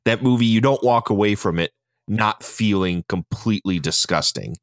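A podcast co-host chats casually and enthusiastically about a movie, swearing and laughing a lot. He has a lowish voice and a moderate pace, recorded cleanly in a studio with no echo.

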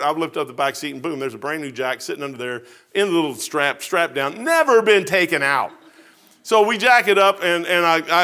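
A middle-aged man preaching in a folksy, animated way, telling a long personal story to his congregation. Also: high voice. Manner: animated, folksy storyteller with Southern-style grammar.

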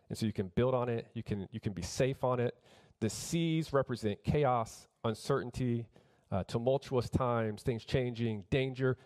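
A man's voice: mid-range voice, a little mellow. A middle-aged man preaching a sermon, earnest and emphatic, repeating phrases for weight and often restarting his sentences. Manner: earnest, builds emphasis with repetition, frequent restarts. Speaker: pastor.

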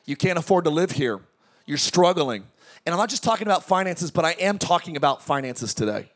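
A man with a high, bright voice preaches to a tent congregation. He keeps it lively, with jokes and questions thrown out to the crowd. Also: brisk. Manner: energetic, joking preaching with audience call-outs. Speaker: pastor. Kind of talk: sermon. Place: large tent church.

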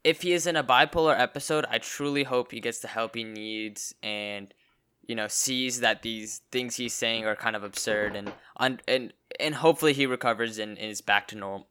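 A man's voice: mid-range voice, pushed and bright, clear, resonant tone. A young man in casual chat as a podcast co-host, stammering and restarting his sentences often.

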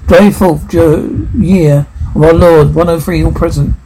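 A man's voice: fairly high pitch, steady tone, a little slow, mellow. An actor playing a stern male committee chairman, reading out charges in a formal, ceremonial way. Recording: noisy old film soundtrack with clicks.

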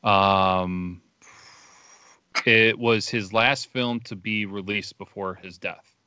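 A man's voice: lowish voice, fairly even intonation, slow, pushed and bright, clear, resonant tone, no echo. A man co-hosting a podcast, giving brief, agreeable replies in a casual movie chat. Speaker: podcast co-host.

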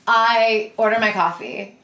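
A woman's voice: a little high, pushed and bright, slight background noise. A woman podcast host telling a story in a casual way, laughing often and swearing freely. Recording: roomy echo.

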